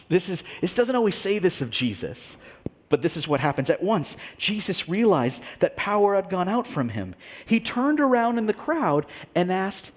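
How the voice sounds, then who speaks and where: A male pastor preaching a sermon, telling a story with animated delivery, acting out the people he quotes and laughing now and then. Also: a little high.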